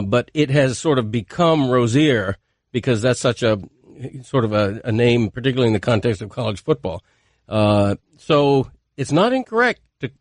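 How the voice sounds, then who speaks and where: A man's voice: medium pitch, no room sound, studio quality. A man, a newspaper columnist, explaining his sports points methodically on a radio panel. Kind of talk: casual sports talk. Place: radio studio.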